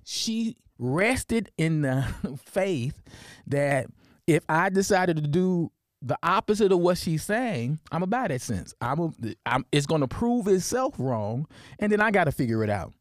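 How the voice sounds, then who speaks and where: Man, deep south memphis accent, podcast monologue, storytelling, dry close sound. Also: big pitch swings, measured pace, no echo. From Memphis, Tennessee. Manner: storytelling, many fillers and restarts, asks "right?". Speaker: podcast host.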